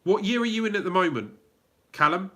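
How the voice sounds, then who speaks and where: A man's voice: sits high, lively intonation, brisk, fairly bright tone. A man with a southern English accent hosting a casual live Q&A, chatting, reading out viewer comments and restarting his sentences. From England. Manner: chatty, reads chat aloud, many fillers and restarts. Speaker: livestream host.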